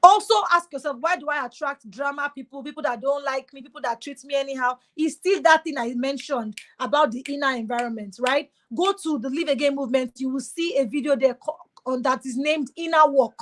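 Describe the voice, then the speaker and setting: A woman speaks in a high voice. She gives an emphatic, exhorting motivational talk on a webinar and drives her points home by repeating them. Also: brisk, slight background noise.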